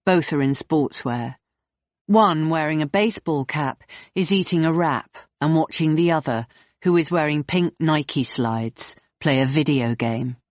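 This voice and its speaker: Guy reading an audiobook, slow and even, dry muffled audio. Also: on the high side, no room sound. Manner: measured, even storytelling. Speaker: audiobook narrator. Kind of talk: scripted narration. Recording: dull lo-fi dry recording.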